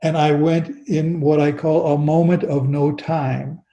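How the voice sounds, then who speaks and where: An older man slowly and earnestly telling a personal story as an interview guest, often restarting his sentences. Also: a little high, flat delivery, warm tone, roomy sound, rough recording.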